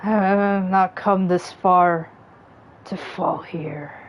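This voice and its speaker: A woman voicing a stern, dignified old male samurai master from a video game, speaking slowly and solemnly. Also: lowish voice, steady tone, muffled recording, a little hiss or hum. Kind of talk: reading game dialogue aloud.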